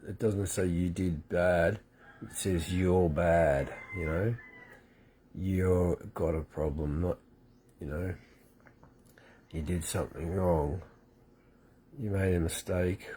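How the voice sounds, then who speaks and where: A man's voice: sits low, warm tone, slight background noise. A man, rambling emotionally through a personal faith testimony in a vlog, often repeating himself and welling up. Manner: emotional, repetitive, tearful at times. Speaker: vlogger.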